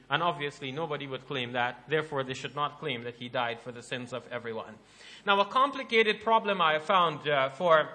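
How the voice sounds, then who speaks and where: High, bright-voiced male lecturer. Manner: animated, rhetorical, argues with questions. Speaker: Islamic lecturer. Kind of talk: religious lecture to an audience.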